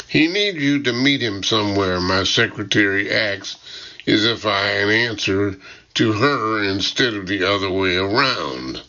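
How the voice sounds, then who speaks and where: A man narrating a first-person audiobook in a measured, wry way. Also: on the low side, sharp tone, muffled recording.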